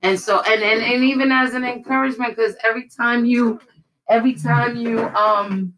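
Bright-voiced woman hosting a casual chat. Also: on the high side, fairly even intonation, moderate pace, a little hiss or hum, poor audio. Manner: frank, swears casually, laughs often. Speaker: podcast host. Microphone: video call.

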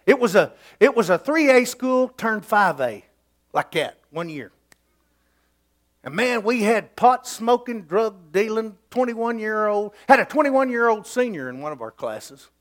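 Middle-aged preacher, high lively voice, emphatic folksy sermon delivery. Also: male voice, a little slow.

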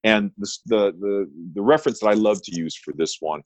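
Deep-voiced emphatic male attorney. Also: fairly quick, no echo, rough recording. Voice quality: energetic, emphatic with repeated punchy phrases. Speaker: attorney and negotiation guest. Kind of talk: interview storytelling.

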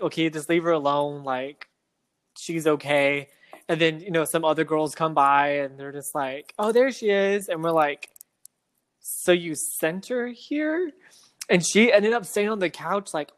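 A man's voice: fairly high pitch, clean tone. A man co-hosting a podcast, telling stories in casual chat, leaning on "like" and swearing now and then. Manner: animated storyteller, heavy use of "like", swears. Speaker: podcast co-host.

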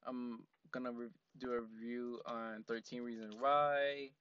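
A man's voice: mid-range voice, level tone, measured pace, smooth, lo-fi sound. A man hosting a casual solo podcast from a parked car, rambling with lots of fillers and frequent laughs. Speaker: podcast host.

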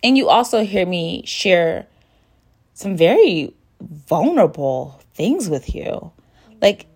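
A woman hosting a podcast, who talks straight to her listener in a warm, sisterly way and shares her feelings openly. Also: on the low side. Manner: emotive, sisterly, addresses listener directly. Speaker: podcast host. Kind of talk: personal motivational monologue.

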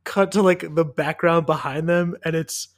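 A man's voice: fairly high pitch, fairly even intonation, moderate pace. A man co-hosting a podcast in casual chat, rambling enthusiastically with many "like"s. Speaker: podcast co-host.

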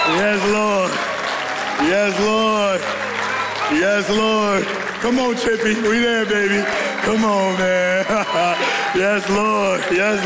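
A young man preaching as a pastor, shouting with hyped energy, bantering with the congregation in slang and leading call-and-response. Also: on the high side. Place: large church hall. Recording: echoey church hall with faint music.

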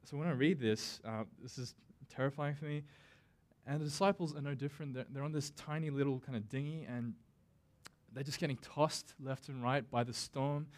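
Man, pastor, sermon, casual and conversational, middle pitch, dramatic slow emphasis on quotes. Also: darkish tone. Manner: casual and conversational, with self-deprecating asides.

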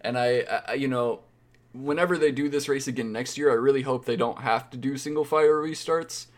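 A man's voice: mid-range voice, a little fast. A man co-hosting a casual sports podcast, rambling and wry, often correcting himself mid-sentence. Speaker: podcast co-host.

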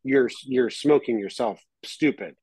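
A man co-hosting a podcast in casual chat, rambling in a laid-back way and often clearing his throat. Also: mid-range voice, unhurried, darkish tone, no room sound, rough recording. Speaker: podcast co-host.

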